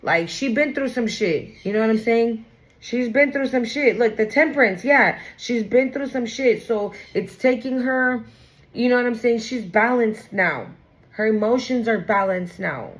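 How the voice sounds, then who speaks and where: A woman's voice: a little high, a little slow, rough recording. Blunt, slangy woman reading tarot. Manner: blunt, slangy, swears freely; animated, acts out quoted voices. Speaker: tarot reader. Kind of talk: casual spoken tarot reading.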